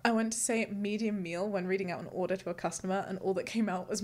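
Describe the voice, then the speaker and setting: A woman's voice: mid-range voice, fast talker, few pauses, darkish tone. A young woman hosting a casual chat, bubbly and self-mocking, often breaking into giggles. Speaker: host.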